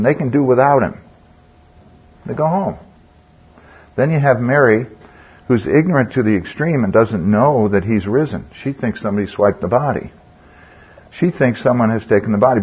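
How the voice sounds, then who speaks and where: In a dull, lo-fi recording, an older man teaches a Bible study group in a chatty way, questioning the group and speaking with fillers and restarts. His voice is medium in pitch and slightly rough.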